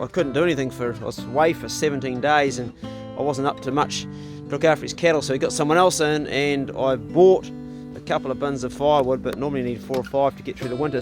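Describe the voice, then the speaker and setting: Middle-aged man, New Zealand accent, easygoing farm vlog chat, fairly high voice, guitar music under it. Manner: laid-back and chatty, with a higher, louder voice when talking to his dogs. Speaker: vlogger. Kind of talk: casual vlog talk to camera. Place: outdoors on a rural farm property.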